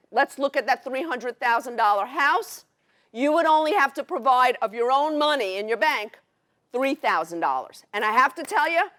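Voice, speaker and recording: A middle-aged woman with a Brooklyn accent, giving an excited, fast-paced educational presentation to a workshop audience. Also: high voice. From New York City. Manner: fast, excited, New York directness.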